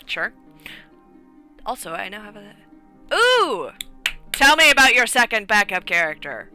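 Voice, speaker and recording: A woman's voice: mid-range voice, expressive, normal speed, sharp tone, faint music behind. A woman streaming live, reading a game aloud with casual asides.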